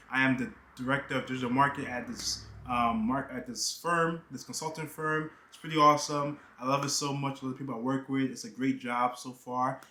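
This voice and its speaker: Pushed and bright, his mid-range voice carries a little hiss or hum in a reverberant space. He's a young YouTuber from New York joking around in a casual vlog, full of "you know" asides, surrounded by boxes and bags in a half-unpacked room.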